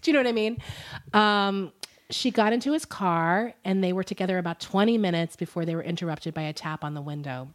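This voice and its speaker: Giggly, low-voiced woman telling a story. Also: fairly quick. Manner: giggly, breaks off with laughs and apologies; chatty, many fillers like "um" and "like". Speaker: podcast co-host. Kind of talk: casual storytelling chat.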